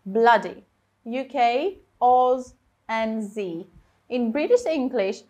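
A woman teaching English vocabulary, explaining words clearly and reading example sentences with stressed key words. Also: on the high side. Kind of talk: slow, clear vocabulary lesson.

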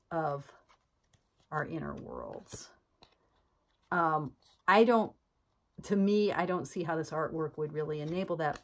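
A woman's voice: low-pitched, poor audio. A woman hosting a video, talking casually and musing as she shows cards, with many fillers. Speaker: tarot channel host. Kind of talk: casual talk to camera.

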